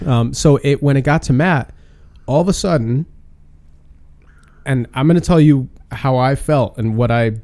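A man casually recounting a wild night to friends, rambling and animated, with plenty of filler words. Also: mid-range voice, normal speed. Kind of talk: casual storytelling chat.

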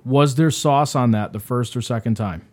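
A man's voice: medium pitch, darkish tone. A man hosting a casual chat, teasing a couple and swearing a lot. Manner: teasing, profane, quick banter. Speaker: podcast host.

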